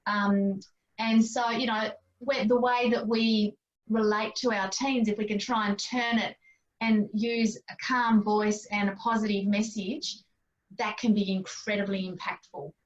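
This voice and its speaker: A woman hosting an online parents' discussion, chatty and animated when she tells stories. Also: medium pitch, unhurried. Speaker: parenting group host. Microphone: video call. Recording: dull lo-fi sound, distant from mic.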